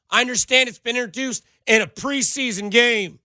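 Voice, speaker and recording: A man's voice: very high-pitched, normal speed, hardly any pauses, sharp tone, dry recording. A male sports radio host talking with a sarcastic, riled-up edge.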